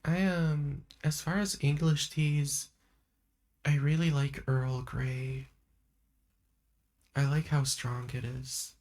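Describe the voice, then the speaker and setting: A woman hosting a live stream in a soft-spoken ASMR chat style, talking in a meandering way and laughing often. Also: sits low, steady tone, slow, long pauses. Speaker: livestream host. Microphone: streaming microphone.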